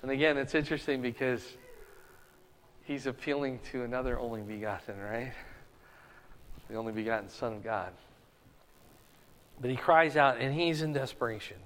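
In a hall with long reverb, a man gives a conversational, verse-by-verse sermon and keeps checking in with the congregation. His mid-range voice is fairly bright and moderately paced, broken by long pauses, with slight background noise.

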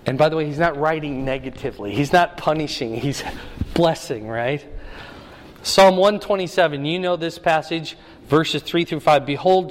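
Man preaching with a conversational tone in a reverberant hall. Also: a little high. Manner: conversational teaching, asks the audience "right?". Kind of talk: sermon.

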